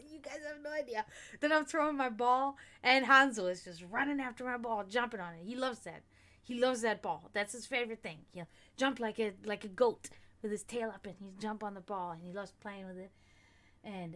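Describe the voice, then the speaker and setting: Woman, slightly high voice, tarot livestream host, casual chat, swears a lot, laughs often, excitable. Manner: swears freely and laughs often while talking; chatty and excitable, greets viewers by name. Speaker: tarot reading streamer.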